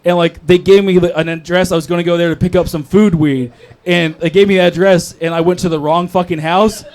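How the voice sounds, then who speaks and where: A man's voice: high voice, fairly even intonation, a little fast, darkish tone. A young man doing a crude, rambling open mic stand-up set on a comedy club stage, talking into a handheld mic.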